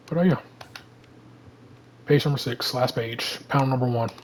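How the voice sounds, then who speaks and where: A man's voice: mid-range voice, normal speed, a little hiss or hum, rough recording. A man from Alabama with a Southern American accent who reads a comic aloud and then talks it through, rambling with many fillers. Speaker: comic reader and commentator. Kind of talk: casual comic read-through and breakdown.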